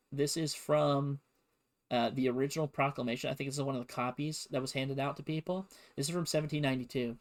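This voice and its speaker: A man giving a casual streamed history lesson, talking in a conversational, digressive way. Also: mid-range voice.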